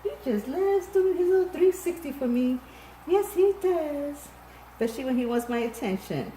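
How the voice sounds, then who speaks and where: A woman's voice: high-pitched, animated, moderate pace, mellow, reverberant, a little hiss or hum, rough recording. A woman filming her pet fish, cooing to it in gushing, affectionate baby talk. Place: indoor room by a fish tank.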